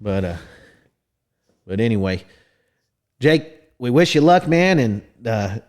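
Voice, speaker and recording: A male podcast host talks in a mid-pitched, everyday voice. He is folksy and rambling, drifting from one thought to the next in casual chat. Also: sing-song, takes it slowly.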